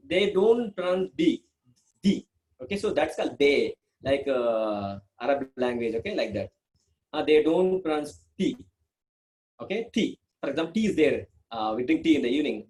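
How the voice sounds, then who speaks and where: A man with an Indian English accent, speaking a little higher than most men, teaches a beginners' class in simple sentences. He repeats words, leans on "okay" and "uh", and his pitch jumps up and down as he explains. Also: normal speed, rough recording. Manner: repeats himself, many fillers, lively pitch swings. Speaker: language teacher. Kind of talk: online lesson for beginners.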